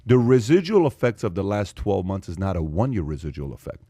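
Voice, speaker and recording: A man hosting a podcast in casual chat, animated, who repeats his points for emphasis and acts out the voices of people he quotes. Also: low voice, a little fast, dry recording, clean studio sound. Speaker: podcast host.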